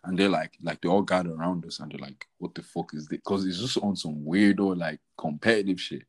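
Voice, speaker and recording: Low husky young man. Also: a little fast, rough recording. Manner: rambling storyteller, heavy slang and fillers. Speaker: podcast co-host. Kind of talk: casual chat.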